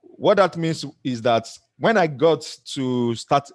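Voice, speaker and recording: A man's voice: fairly high pitch, lively intonation, slow, no echo. A middle-aged man with a Nigerian accent giving an earnest motivational talk to camera, often laughing at himself. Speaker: motivational speaker.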